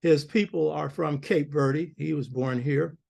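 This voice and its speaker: Older male lecturer, emphatic preacherly delivery, slightly high-pitched voice. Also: steady tone, measured pace, gravelly, darkish tone. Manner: preacherly, emphatic, calls out "you hear me?". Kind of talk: public lecture.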